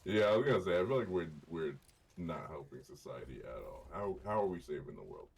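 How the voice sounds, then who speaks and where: A man's voice: low-pitched, very animated, fairly quick, gravelly, darkish tone, breathy edge, distant mic. A man chatting casually with a friend while playing a video game, laid-back and joking. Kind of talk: casual gaming chat.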